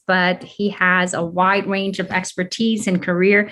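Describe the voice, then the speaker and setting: A woman's voice: medium pitch, steady tone, unhurried, hardly any pauses, fairly bright tone. A woman hosting a podcast interview, bubbly and effusive, laughing often as she introduces her guest. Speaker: podcast host.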